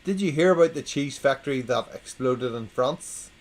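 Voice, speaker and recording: A medium-pitched man with lively intonation speaks at normal speed, captured in low quality. As a livestream host, he tells his quiet chat groan-inducing jokes in a wry way, repeating each punchline when no one answers.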